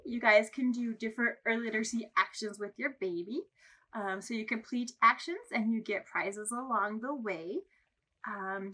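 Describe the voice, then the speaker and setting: A young woman librarian reading a picture book aloud and leading baby rhymes, in a slow sing-song voice, counting along for babies. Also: on the high side, pushed and bright. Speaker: children's librarian. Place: library storytime filmed for online video.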